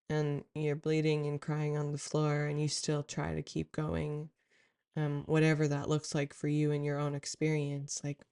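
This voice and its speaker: Woman, spiritual vlogger, heartfelt rambling talk, flat even delivery. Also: low-pitched, gravelly. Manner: meandering and heartfelt, frequent "like" fillers. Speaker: spiritual content creator. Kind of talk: reflective spiritual talk to camera.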